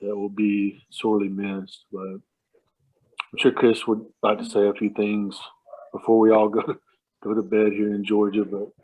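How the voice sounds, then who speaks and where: A man's voice: lowish voice, completely flat delivery, a little slow, breathy edge. Man rambling over a tinny phone line. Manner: rambling, chuckles often, many restarts. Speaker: relative sharing memories at a family remembrance. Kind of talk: casual anecdotal storytelling. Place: at home at night.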